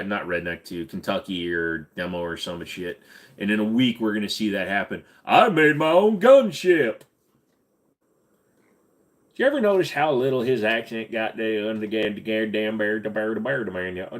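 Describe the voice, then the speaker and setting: A man's voice: on the low side, fairly bright tone. A man hosting a casual live question-and-answer stream, rambling and swearing freely with lots of fillers. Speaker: livestream host.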